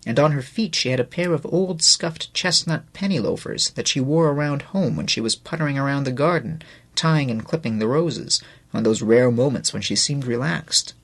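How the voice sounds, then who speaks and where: A man narrating a novel as an audiobook in an expressive, measured storytelling manner. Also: medium pitch, vocal fry.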